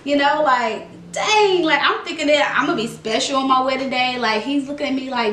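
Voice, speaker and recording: A young woman with a drawl talks through her makeup routine, dramatizing her feelings as she goes. Her voice sits a little high. The room is echoey, with a faint hum of ambience behind her. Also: fairly quick, hardly any pauses, recorded from a distance. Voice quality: dramatic, animated storytelling. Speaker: beauty vlogger. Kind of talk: casual makeup tutorial chat.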